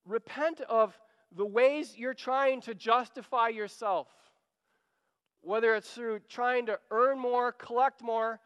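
An earnest man preaches a sermon, urging his listeners and repeating phrases as he pleads. His voice sits very high and comes across smooth and resonant. A long reverb trails each phrase, as in a large hall. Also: fairly even intonation, takes it slowly, a bit bright, muffled recording. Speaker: pastor.

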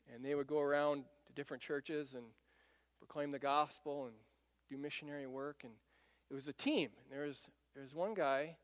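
A male pastor preaching a sermon in a casual, conversational way, often acting out the people in his story. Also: fairly high pitch. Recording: long reverb of a large hall.

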